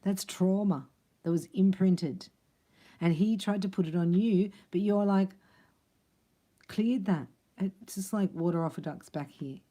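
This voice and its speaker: A woman's voice: medium pitch, normal speed, warm tone. A woman doing a casual tarot reading, chatty and rambling, with frequent laughs between her thoughts. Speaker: tarot reader.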